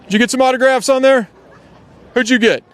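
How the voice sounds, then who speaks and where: A man hosting a sports show live outdoors outside an arena, upbeat and laughing as he quizzes fans. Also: very high-pitched. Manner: upbeat, quick, laughing often. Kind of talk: live on-the-street interviews.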